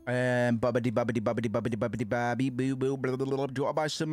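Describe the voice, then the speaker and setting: A man commentating on his own gameplay, swearing often and getting frustrated, sometimes chanting words loudly. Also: medium pitch, level tone, rapid-fire, few pauses, dry recording, soft background music. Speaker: gaming streamer. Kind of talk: casual let's play commentary.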